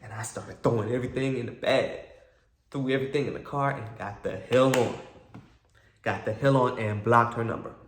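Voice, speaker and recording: A man telling a personal story to his viewers in a casual, animated way, acting out both sides of old conversations. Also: mid-range voice, echoey room, a little hiss or hum.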